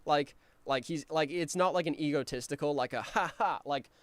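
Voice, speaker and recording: Talking loosely about a cartoon he created, a slightly high-voiced man meanders, full of ums and false starts, sometimes jumping into rapid character voices. There's no room sound.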